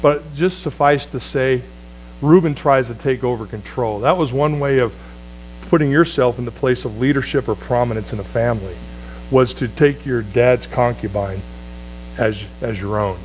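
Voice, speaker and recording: A man preaching a sermon as pastor, swinging from loud, high exclamations to low, quiet phrases. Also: moderate pace, a little hiss or hum, low-quality recording.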